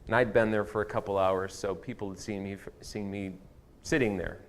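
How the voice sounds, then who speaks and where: A man's voice: on the low side, fairly even intonation, moderate pace. A man preaching a sermon as pastor, telling a candid personal story with a self-deprecating touch. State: tearful at times. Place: church sanctuary.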